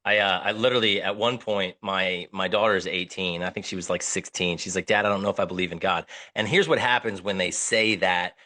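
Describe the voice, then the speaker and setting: A man in his forties hosting a relaxed podcast, with a low voice and a bright, forceful tone. He tells stories energetically and slips in an oath here and there. He jumps into lively voices when retelling what others said. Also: fairly quick, hardly any pauses. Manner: energetic storyteller, swears, animated voices in retold dialogue. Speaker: podcast host. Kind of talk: casual podcast chat.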